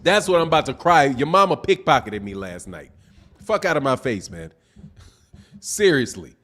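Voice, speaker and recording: A man's voice: medium pitch, sing-song, fairly bright tone, soft background music. A man hosting a live boxing stream, reading chat and ranting in a heated, profane, exasperated way with casual slang. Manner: talks fast with casual slang.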